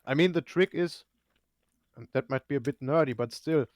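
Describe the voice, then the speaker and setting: A man's voice: mid-range voice, normal speed, a little mellow, no echo. A man from Germany, a guest on a casual live stream, explaining things at length with dry humor.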